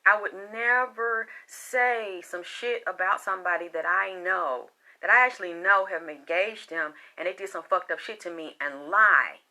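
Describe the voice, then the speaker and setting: A woman's voice: on the low side, normal speed, hardly any pauses. A woman giving a heated, profane, confrontational rant straight to her viewers. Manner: loud and exasperated. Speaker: spiritual reader and vlogger. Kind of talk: unscripted personal rant to camera.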